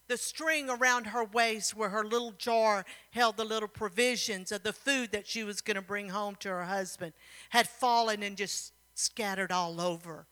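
A woman's voice: medium pitch, sharp tone, big-room sound. A woman preacher telling a story and then exhorting her congregation, her sermon rising to fervent emphasis, in a church.

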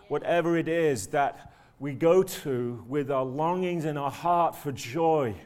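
A man's voice: fairly high pitch, unhurried, few pauses, a little mellow. A man preaching a sermon in a church, speaking conversationally and often turning to the listeners with rhetorical tag questions.

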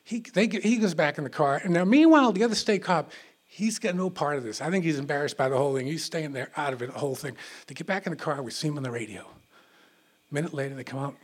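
Male stage storyteller, high husky voice, animated and stammering. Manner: animated, halting with restarts. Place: theater stage before a live audience.

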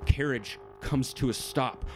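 Guy game-mastering a tabletop rpg, descriptive storytelling, faint music behind. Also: mid-range voice. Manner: vivid descriptive storytelling, quick bursts.

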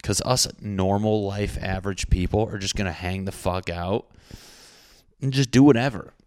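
Deep-voiced man ranting crudely. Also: normal speed, dry recording, clean studio sound. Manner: profane, excitable, self-mocking. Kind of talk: rambling comedic monologue.

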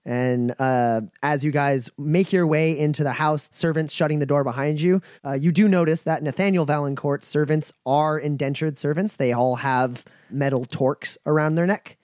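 A man running a tabletop game, describing scenes at length in a slightly raised voice. He pauses with frequent hesitations and restarts, recorded close and dry with no room sound. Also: on the high side, steady tone, a little mellow, no room sound. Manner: descriptive narration full of uh and restarts. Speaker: game master.

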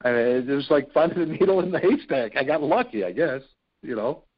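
A man from Ohio, a radio personality, telling stories as a podcast guest in an animated, excitable way. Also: a little high, a little fast, husky. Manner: animated, excitable storyteller with frequent fillers. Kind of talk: casual storytelling interview. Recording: dull lo-fi podcast audio.

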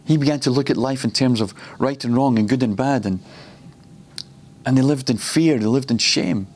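Husky-voiced man teaching a sermon. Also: medium pitch, normal speed, a little mellow. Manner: personal and reflective, laughs often. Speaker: preacher. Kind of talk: ministry school teaching.

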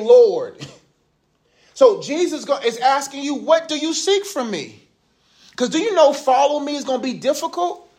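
A man in his thirties giving a casual, joking Bible lesson to a youth group. He uses slang and asks the group questions. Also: very high-pitched.

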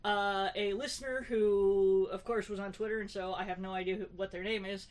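A woman co-hosting a podcast in relaxed, wry chat. Her voice sits in a middle pitch, and she keeps going with plenty of fillers and self-corrections. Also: brisk. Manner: chatty and wry, many fillers and restarts. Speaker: podcast co-host.

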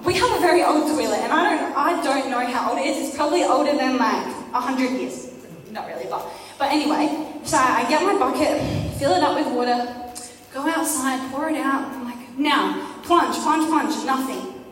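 A young woman speaking at a church gathering, telling a story in a chatty, animated, self-mocking way. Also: high voice, normal speed. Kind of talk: casual storytelling talk. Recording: echoey hall from far off.

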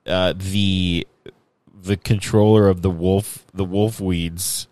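A man's voice: low voice, fairly even intonation, slow pace, a little mellow, smooth, no room sound. A man co-hosting a casual fan podcast, who chuckles as he retells funny scenes. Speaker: podcast co-host.

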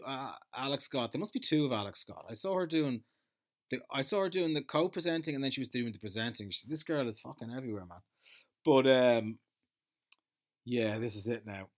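A man raised in Ireland talks alone in a loose, rambling rant. He is sarcastic and swears freely, his voice sitting at an ordinary middle pitch. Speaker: solo commentator.

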